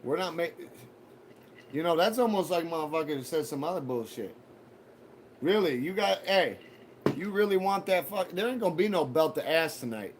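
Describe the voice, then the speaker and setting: A man's voice: a little high, expressive, normal speed, slight background noise. A man hosting a casual live stream, rambling to his viewers with profane, mock-threatening banter. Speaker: livestream host.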